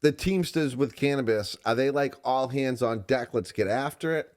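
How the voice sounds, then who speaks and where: A man at a middle pitch hosts a podcast and puts long, loose questions to his guest. He stumbles and restarts partway through them and speaks in a relaxed, casual way. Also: moderate pace. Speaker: podcast host. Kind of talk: casual chat.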